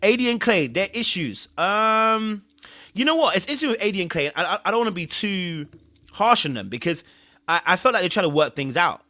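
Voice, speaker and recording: Male live-stream host; casual, earnest, repeats points; a bright, tense voice. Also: high voice, lively intonation, a little fast. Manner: chatty, repeats himself, thanks viewers often; earnest advice-giving. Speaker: show host reviewing a reality series. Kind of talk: live-stream recap chat.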